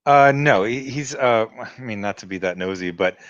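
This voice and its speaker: A man's voice: lowish voice, normal speed, fairly bright tone, no room sound, highs cut off. A man from the United States, a guest on a casual podcast, talking in a hesitant way with many restarts.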